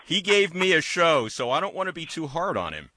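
A man's voice: a little high, big pitch swings, a little fast, noisy background. A man hosting a call-in talk radio show, chatting in a loose, digressive way into a studio microphone.

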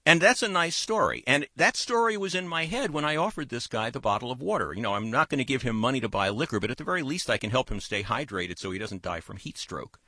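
A man's voice: mid-range voice, expressive, quick pace, few pauses, sharp tone, no echo. A man hosting a call-in talk radio show, chatting in a loose, digressive way into a studio microphone.

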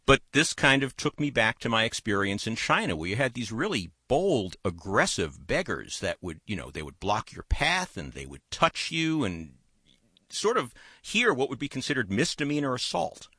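A man's voice: medium pitch, sing-song, moderate pace, bright, forceful tone, slightly rough, dry recording. A man hosting a call-in talk radio show, chatting in a loose, digressive way into a studio microphone.

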